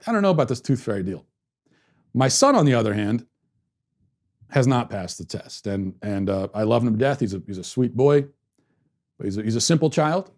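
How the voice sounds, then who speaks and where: A man in his thirties hosting a commentary show, telling a story at home in a sarcastic, deadpan way and keeping his voice down. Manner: lowers his voice to keep quiet at home. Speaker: podcast host. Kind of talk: opinion commentary monologue.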